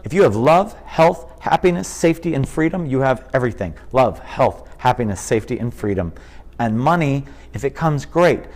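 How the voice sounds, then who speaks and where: Animated middle-aged comedian telling stories. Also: male voice, medium pitch, normal speed. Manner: animated storyteller, drops into impressions. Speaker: comedian guest. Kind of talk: casual interview chat.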